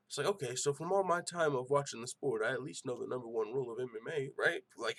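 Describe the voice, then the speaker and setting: A young man hosting a casual MMA show, ranting in an animated, profane way. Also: medium pitch, fast talker, few pauses. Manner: animated, profane, excitable rants. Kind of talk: casual podcast commentary.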